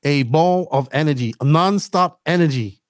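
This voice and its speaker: A middle-aged podcast host rambles through his stories in a lively, casual way. His voice sits a little higher than most men's. The sound is dry and close, with no room around it. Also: measured pace, no room sound. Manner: rambling, animated storytelling with laughs. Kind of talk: casual chat.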